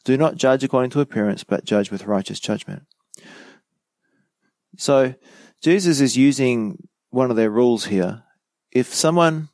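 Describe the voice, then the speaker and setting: A man's voice: medium pitch, darkish tone, no room sound. A man teaching verse by verse through a Bible passage, reading each verse aloud and then explaining it in conversational asides and questions to the listener. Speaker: pastor teaching a Bible study.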